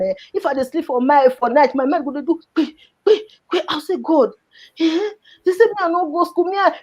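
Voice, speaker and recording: A woman's voice: high voice, a little mellow. A woman with a Nigerian Pidgin accent telling a personal story in an emotional, repetitive way.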